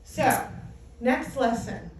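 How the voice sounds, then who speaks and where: A middle-aged woman giving a personal testimony talk, telling her story in a lively way and acting out what people said. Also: on the high side, drawn-out words. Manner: animated storytelling with acted-out quotes. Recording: echoey hall, distant mic, faint noise.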